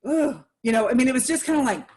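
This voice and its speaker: A woman speaking candidly in a casual podcast conversation, animated and acting out the reactions of others. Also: sits high, fast talker.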